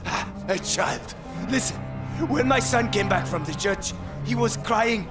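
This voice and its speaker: A man's voice: sits high, expressive, unhurried. An actor playing a vengeful grieving father in a video game, threatening and taunting. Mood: menacing. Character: vengeful grieving father, menacing village man. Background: loud game music.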